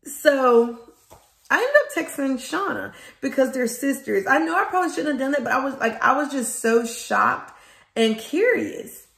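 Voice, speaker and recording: A woman who runs a small business, from Louisiana, telling viewers a storytime in a casual, animated way and calling them guys and y'all. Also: high-pitched, moderate pace, vocal fry. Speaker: small business owner vlogger. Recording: echoey room.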